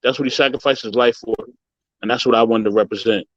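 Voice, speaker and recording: A man's voice: mid-range voice, fairly even intonation, fairly bright tone, no room sound, highs cut off. Earnest man telling a painful story. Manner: earnest, emotional, halting with many "you know"s. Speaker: guest sharing a story. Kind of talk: personal story on a video call. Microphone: video call.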